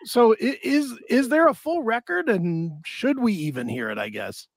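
High, gravelly male podcast co-host. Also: sing-song, normal speed, dry recording. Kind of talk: casual interview questions.

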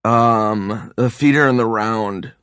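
A man's voice: on the low side, takes it slowly, fairly bright tone, smooth, no room sound, studio quality. A comedian guest, a man who is hungover, telling profane anecdotes casually and laughing through them on a podcast.

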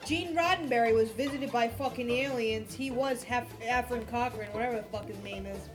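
A fairly high-pitched woman rants through a crude, profanity-laced podcast chat, animated and quick to get worked up. Music plays clearly behind her voice.

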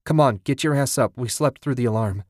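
A male narrator voicing a frightened, insistent wife with a raised, sharp-edged voice in a spoken story. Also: medium pitch, unhurried, no room sound, clean studio sound, lightly acted. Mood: impatient.

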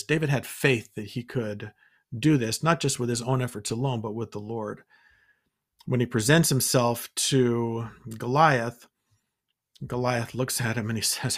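A man at a middle pitch hosts a scripture study talk. He speaks earnestly and encouragingly, and brings the stories to life with quoted dialogue. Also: steady tone, normal speed. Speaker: podcast host.

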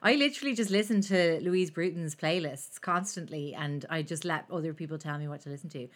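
A woman's voice: low voice, a little fast. A woman hosting a podcast, chatting in a wry, self-deprecating way. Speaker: podcast host. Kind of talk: casual chat.

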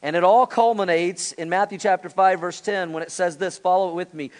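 High-voiced man preaching a sermon. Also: steady tone, fairly quick. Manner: earnest, conversational preaching with quoted voices. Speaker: pastor. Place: church sanctuary.

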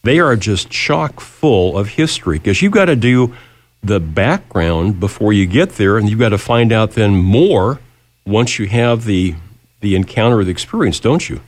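A man's voice: on the low side, animated, normal speed. A man hosting an interview, chatty and fond of telling stories. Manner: chatty storyteller. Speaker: radio host. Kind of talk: interview talk.

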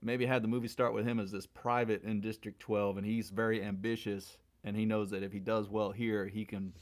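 A man with a Southern US accent co-hosting a casual movie review chat, joking as he talks. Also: fairly low pitch. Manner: joking, laughs easily. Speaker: film review co-host.

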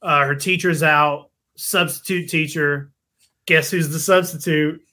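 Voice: mid-range voice, steady tone, unhurried, pushed and bright. A podcast co-host in casual chat, sounding incredulous and jokey.

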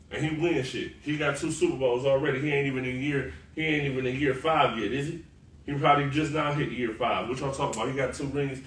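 A man in casual sports chat, animated and profane, riffing on teams and players. He sits back from the mic in a roomy space with faint noise behind. His pitch sits in the ordinary middle for a man. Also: distant mic. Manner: animated, slangy and profane, laughing a lot. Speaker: podcast co-host.

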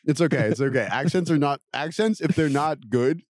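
A man's voice: fairly high pitch, brisk, darkish tone, no echo, clean studio sound. A young man co-hosting a podcast, rambling casually with slang and laughs, often slipping into mocking voices. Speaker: podcast co-host.

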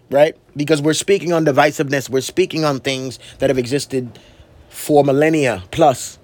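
A man's voice: a little high, no room sound. A man hosting a podcast in an impassioned spoken monologue, repeating phrases for emphasis and asking rhetorical questions like a preacher. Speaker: podcast host.

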